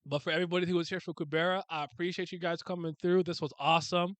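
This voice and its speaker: Male streamer host, bright-toned, dry close sound, loose rambling chat. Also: on the high side, flat delivery, racing, dry recording. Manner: rambling, stumbling restarts, laughs often. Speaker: livestream host. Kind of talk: casual livestream chat.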